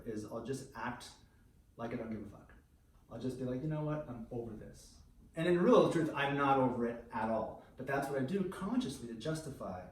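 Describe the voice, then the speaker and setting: A man from the United States giving a candid, freestyle talk, blunt and profane, telling stories from his past. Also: medium pitch. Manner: blunt, profane, animated storytelling. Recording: roomy echo, mic at a distance, faint noise.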